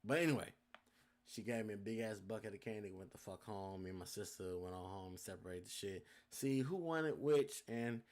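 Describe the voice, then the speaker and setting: A young man hosting a podcast, telling a story casually with lots of swearing and talking straight to his listeners. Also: lowish voice. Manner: animated, profane, addresses listeners as y'all. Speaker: podcast host.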